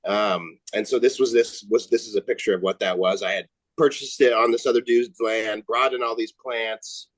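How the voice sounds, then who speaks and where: A man joining a casual chat over a video call, telling a loose, rambling story in a relaxed way. His voice is mid-pitched, and the sound is close and dry. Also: moderate pace, hardly any pauses, no echo, poor audio. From United States. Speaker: guest.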